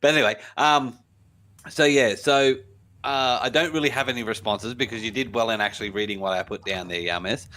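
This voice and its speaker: A man's voice: mid-range voice, a little fast, sharp tone. A man co-hosting a casual podcast, teasing his co-host and laughing often.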